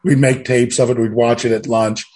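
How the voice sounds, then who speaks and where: A man's voice: medium pitch, flat delivery, normal speed, a little mellow. A man in a casual chat, talking in a rambling, reflective way. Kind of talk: casual chat about movies.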